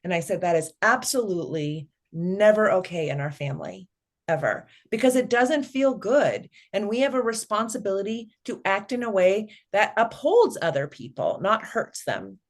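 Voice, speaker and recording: Animated middle-aged woman telling a story. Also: mid-range voice, normal speed. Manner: animated storyteller, acts out family dialogue. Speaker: guest. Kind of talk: storytelling in a podcast interview.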